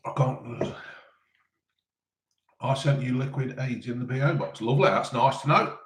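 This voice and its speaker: A man's voice: mid-range voice, moderate pace. Chatty man, roomy sound. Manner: chatty, rambling, lots of ums. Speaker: live-stream host answering chat. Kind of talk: casual live chat while eating. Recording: roomy echo.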